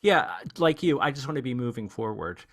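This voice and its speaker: Male podcast host, relaxed and chatty, asking the guest questions. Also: medium pitch, a little fast. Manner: easygoing, chatty, with self-deprecating asides. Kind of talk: casual interview chat.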